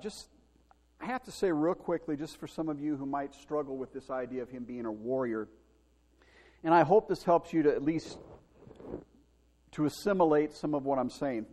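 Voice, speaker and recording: A man preaching a Sunday sermon, telling a story in an animated way and acting out the quoted lines with shouts. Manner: animated, acts out quotes with big shouts and pitch jumps. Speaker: pastor. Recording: long hall reverb.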